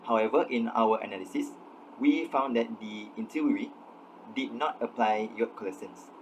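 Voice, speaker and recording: A male student walks through his class presentation in a steady, read-out way, laying out definitions one by one. His voice sits on the low side. A faint air-conditioning hum lingers in the background. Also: moderate pace, poor audio.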